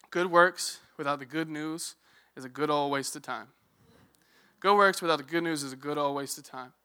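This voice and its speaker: A young man preaching a sermon in a church, telling stories in a lively, conversational way with joking asides. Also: a little high. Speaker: youth ministry director. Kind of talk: sermon with storytelling. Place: church sanctuary.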